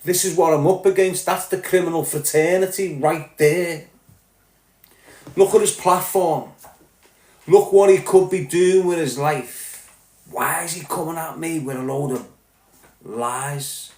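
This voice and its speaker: A man's voice: on the high side, a little mellow, reverberant. A man with a Liverpool accent ranting angrily as a podcast host, blunt and full of swearing. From Liverpool, England. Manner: angry, blunt, heavy swearing. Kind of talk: heated ranting monologue.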